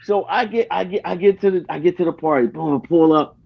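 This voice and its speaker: A man hosting a podcast, telling a story in casual chat, animated, acting out what others said and often restarting his sentences. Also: high-pitched, fairly quick, vocal fry, muffled recording, a crowd in the background. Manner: animated, acts out quoted dialogue, frequent restarts. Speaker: podcast host.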